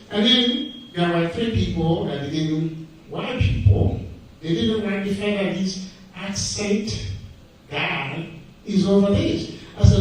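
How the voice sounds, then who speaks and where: A man's voice: sits high, slow, very echoey, far from the mic, slight background noise, poor audio. A middle-aged man from Nigeria with a Nigerian accent gives an emphatic motivational talk full of rhetorical questions and stories. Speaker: speaker.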